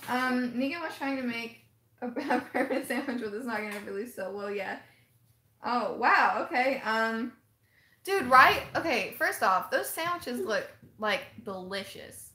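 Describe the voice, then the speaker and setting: A chatty woman hosts a casual live stream and answers viewer comments as they come in. Her voice is bright and a little high, and she laughs easily. The sound is roomy, with echo from the space around her. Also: a little slow. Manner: chatty, animated, laughs often, reads out chat comments.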